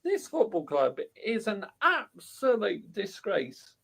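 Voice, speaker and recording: A man, a football fan vlogger giving an angry rant to camera, shouting and swearing heavily. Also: high voice, huge pitch swings, takes it slowly, creaky, breathy edge. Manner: furious, shouting, heavy swearing.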